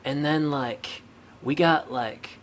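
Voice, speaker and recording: A man's voice: fairly high pitch, takes it slowly. A man co-hosting a podcast in casual chat, rambling with lots of filler words. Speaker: podcast co-host.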